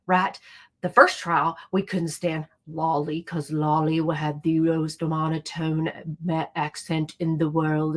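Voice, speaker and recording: A woman hosting a casual reaction commentary channel, chatty and talking straight to her viewers. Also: on the low side. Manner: chatty, animated, speaks directly to viewers. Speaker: YouTube commentary host.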